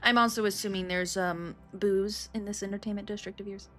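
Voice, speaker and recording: A woman's voice: medium pitch, steady tone, fairly quick, fairly bright tone. Giggly lady playing a tabletop game, casual, faint music behind. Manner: giggly, playful. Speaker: player.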